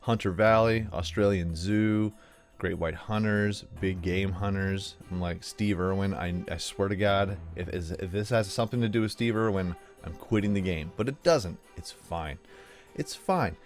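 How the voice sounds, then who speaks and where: Young male let's-play host, low voice, rambling casual chatter, soft music under. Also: steady tone, moderate pace. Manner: chatty, rambling, self-mocking. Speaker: gaming video host.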